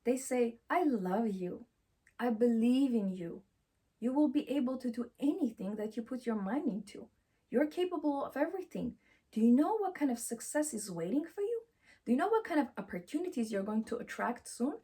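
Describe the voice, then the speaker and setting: Breathy woman self-help coach, bouncy pitch, keeps repeating affirmations, bit of non-native grammar. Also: sing-song, normal speed. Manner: warm and emphatic, repeats affirmations. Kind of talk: motivational talk to camera.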